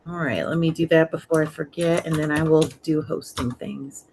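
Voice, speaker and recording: A woman's voice: deep voice, steady tone, moderate pace, background noise. A woman hosting an online script reading and narrating its stage directions, upbeat and laughing often.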